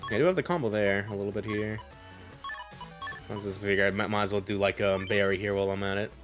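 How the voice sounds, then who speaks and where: A man's voice: fairly low pitch, steady tone, fast, fairly bright tone. Chuckling, rambling male game streamer. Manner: rambling, laughs often, repeats "a little bit". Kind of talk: casual gameplay commentary. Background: faint game music.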